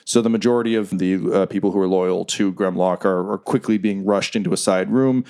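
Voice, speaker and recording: A man narrating a tabletop game as game master in a relaxed, storytelling way. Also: low-pitched, a little fast, smooth.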